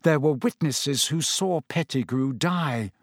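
A man doing Harry, a flat insistent teenage boy. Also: fairly high pitch, slow, husky, no room sound, studio quality, exaggerated voice.

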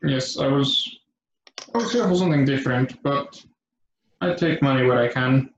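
Man voicing a grudging woman fighter, quick clipped lines, roomy lo-fi sound, faint hiss. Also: mid-range voice, lightly acted. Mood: matter-of-fact. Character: gruff axe-wielding woman warrior. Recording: echoey, dull lo-fi room.

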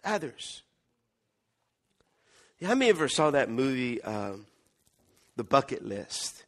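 A middle-aged male pastor preaching an animated sermon, acting out little scenes and swinging between loud and quiet. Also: medium pitch, takes it slowly.

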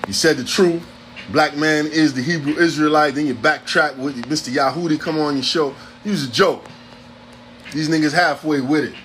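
A man's voice: a little high, normal speed, fairly bright tone, a little hiss or hum. A man, hosting a podcast in a blunt, profane, streetwise ranting monologue. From New York City. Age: 40s. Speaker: podcast host.

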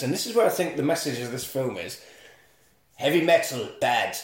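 A man's voice: medium pitch, sing-song, normal speed. Sweary man recapping a film. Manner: sweary, jokey storytelling. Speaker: podcast host. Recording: echoey room.

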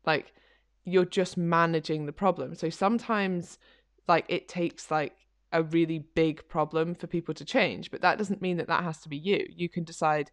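A woman co-host on a fitness podcast, talking in a loose, chatty way and dropping in "like" often. Her voice sits a little low, and the mic is close and dry. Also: fairly even intonation, moderate pace, dry recording. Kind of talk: casual chat.

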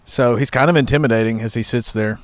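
A man chatting by a cold outdoor campfire, measured, with frequent ums. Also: medium pitch. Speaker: pastor. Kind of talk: casual chat.

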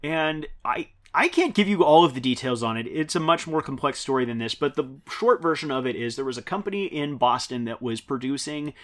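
Podcast host, thirties, man with a mid-range voice, relaxed and rambling, laughs easily. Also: mid-range voice. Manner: rambling, chuckling, conversational. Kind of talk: casual chat.

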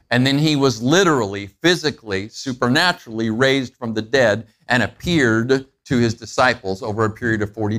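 A man preaching a sermon in a conversational way, asking his listeners questions and acting out everyday moments. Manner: acts out everyday moments with animated pitch jumps. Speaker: pastor.

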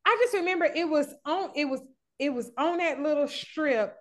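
High-pitched woman spinning a story, doing everyone's voices, laughing a lot. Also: moderate pace, a bit bright. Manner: acts out voices in stories, laughs often. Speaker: guest. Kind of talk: animated storytelling.

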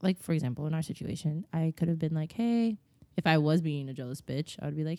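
A woman's voice: sits low, quick pace, mellow, no echo. A young woman co-hosting a podcast in casual chat, laughing often and swearing casually. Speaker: podcast co-host.

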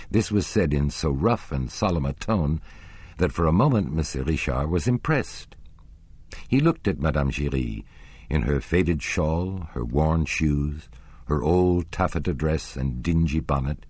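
A man narrating a classic novel as an audiobook in an expressive, theatrical reading. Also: very deep voice, unhurried, breathy edge, no echo.

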